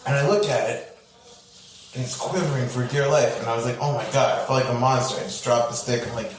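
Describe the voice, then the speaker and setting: A man hosting a podcast, telling a story in casual chat and acting out the voices with big swings in pitch. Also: fast talker, recorded from a distance, slight background noise. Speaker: podcast host. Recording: roomy and off-mic.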